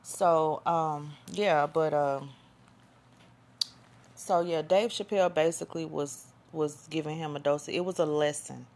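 Low gravelly woman podcaster. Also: fairly even intonation, unhurried, darkish tone. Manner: chatty, rambling, loses her train of thought. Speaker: podcast host. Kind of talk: casual monologue commentary.

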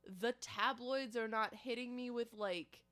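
Brief: woman podcast co-host, bright raised voice, sarcastic, excitable. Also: fairly high pitch, a little slow. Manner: sarcastic, excitable, swears casually. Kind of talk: casual comedic chat.

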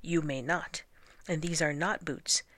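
A woman's voice: deep voice, fairly even intonation, unhurried, fairly bright tone, no echo. A woman reading a storybook aloud and voicing a pompous, fussy male lord who insists on his own words for things.

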